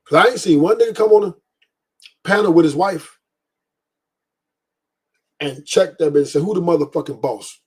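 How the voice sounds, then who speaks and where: A man's voice: high-pitched, normal speed, pauses often, breathy edge. A man hosting a livestream, ranting bluntly with profanity and repeated emphasis. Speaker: podcast host. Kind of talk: livestream commentary rant.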